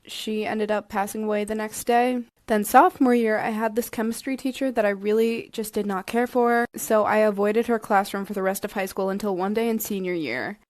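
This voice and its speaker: A young woman recounts stories in a deadpan, matter-of-fact tone. Her voice is recorded close, in a dry space with no reverb. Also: medium pitch, brisk, few pauses. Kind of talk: storytelling video.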